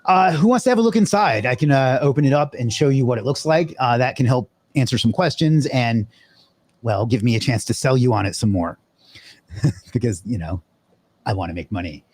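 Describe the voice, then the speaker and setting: A man hosts a live online session in a loose, offhand way. He talks casually with plenty of fillers and the odd swear word. His voice is mid-pitched and sounds dry and close, with no room echo. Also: expressive, moderate pace, darkish tone. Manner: loose and profane, with many fillers. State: out of breath. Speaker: host of a live webinar.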